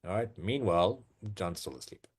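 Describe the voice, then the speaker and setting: A man with a somewhat low voice talks viewers through a live trading chart in a chatty, informal webinar style. He often checks in with a quick "all right?" and breaks into sudden excited exclamations. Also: husky.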